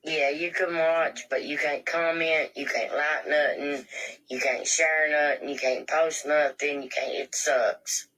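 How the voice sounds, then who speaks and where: A man's voice: on the high side, fairly even intonation, unhurried, sharp tone, low-quality recording. A man chatting casually on a live stream in plain, colloquial speech, reading out viewer comments and thanking viewers. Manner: plain-spoken, colloquial grammar. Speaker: livestreamer.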